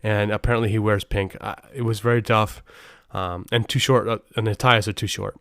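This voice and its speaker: A man's voice: on the low side, fairly even intonation, fairly quick, a bit bright, dry recording. A man hosting a casual podcast, telling rambling, anecdotal stories over a close mic. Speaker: podcast host.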